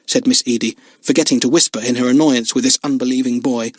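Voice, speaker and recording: A man's voice: medium pitch, fast, hardly any pauses, no echo. A man narrating a children's book expressively. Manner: expressive storytelling. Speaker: audiobook narrator.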